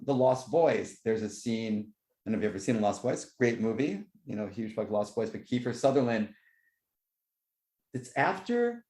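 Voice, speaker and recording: A man chats casually as a podcast host, rambling through stories and getting excitable. His voice jumps sharply up in pitch when he acts out reactions. The room around him rings with a noticeable echo. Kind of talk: casual chat.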